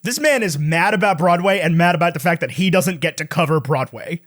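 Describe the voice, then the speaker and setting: Podcast host, male, high voice, wry and quick with jokes, leads the chat. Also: expressive, a bit bright. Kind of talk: casual movie chat.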